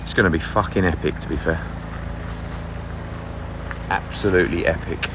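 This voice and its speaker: Against a noisy background, a middle-aged sports promoter live-streams from the phone he carries while walking. He's brash and upbeat, drops casual swear words, and sounds a bit out of breath, speaking in a low-pitched, steady voice at normal speed.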